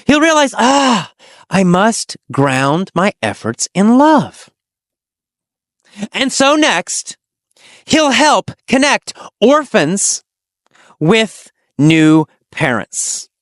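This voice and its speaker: A man's voice sits high and swoops widely as he tells a simple story for English learners. He speaks very slowly and plays every line big, now and then shouting the quotes. The sound is dry and close, with no room around it. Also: clear, resonant tone, no echo. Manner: exaggerated, animated delivery with shouted quotes. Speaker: English teacher. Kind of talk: slow expressive English lesson storytelling.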